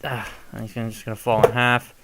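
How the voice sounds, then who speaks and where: A man's voice: lowish voice, completely flat delivery, fairly quick, sharp tone, a little hiss or hum. A young man casually showing how to modify a toy, chatty and given to rambling asides. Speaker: toy reviewer. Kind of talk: casual hands-on tutorial.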